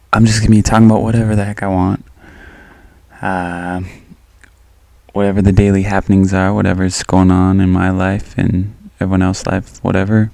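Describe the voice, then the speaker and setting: A man's voice: low voice, gravelly, a little mellow, no echo. A young man from the Midwest hosting a casual solo podcast, joking and laughing at himself and going off on tangents. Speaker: podcast host.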